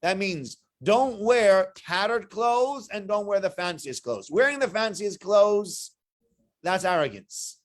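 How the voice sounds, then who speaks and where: A man with a high voice teaches as a rabbi in a weekly Torah talk. He keeps asking his listeners rhetorical questions and drives each point with animated energy. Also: slow. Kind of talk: weekly Torah portion lecture.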